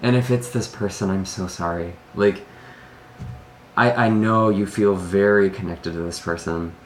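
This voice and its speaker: Sighing often between thoughts, a man gives an earnest, emotional tarot reading to the camera. His deep voice stays fairly even in intonation and runs a little slow, recorded in an echoey room with some faint background noise.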